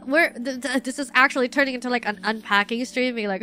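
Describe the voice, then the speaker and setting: A woman's voice: on the high side, fast talker, sharp tone. A young adult woman chatting on a casual stream, rambling and self-deprecating with lots of fillers. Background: faint music.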